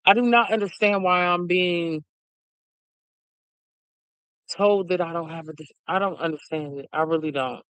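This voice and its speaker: A man's voice: high voice, steady tone, a little fast, a bit bright, smooth, no room sound, low-quality recording. A middle-aged man talking in a casual, rambling monologue who laughs often. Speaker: vlogger.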